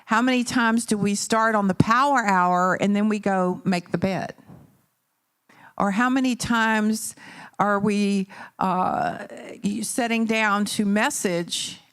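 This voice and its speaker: Woman, middle-aged, motivational speaker, animated storytelling, rhetorical questions, mid-range pitch. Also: takes it slowly, smooth. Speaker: keynote speaker. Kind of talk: motivational talk to a live audience. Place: conference venue.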